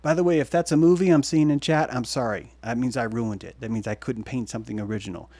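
A man hosting a livestream, talking in a meandering, excitable way that swings between loud bursts and hushed asides. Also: mid-range voice, quick pace, no room sound. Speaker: livestream host. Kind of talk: rambling livestream monologue.

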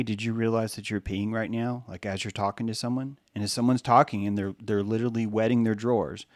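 A man's voice: mid-range voice, a little mellow, no echo, studio quality. A man giving a loose, rambling spoken lecture, swearing freely and acting out the voices he quotes.

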